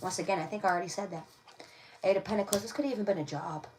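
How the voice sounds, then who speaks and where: A woman's voice: mid-range voice, racing, background noise. Chatty woman reading tarot, distant mic. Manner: chatty, repeats phrases, laughs often. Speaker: tarot reader. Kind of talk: casual livestream tarot reading.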